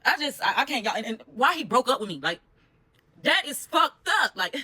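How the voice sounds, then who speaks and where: A woman telling a personal story in a blunt, profane, animated way, addressing her viewers directly. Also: a little high, fast talker, husky. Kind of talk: casual storytime monologue.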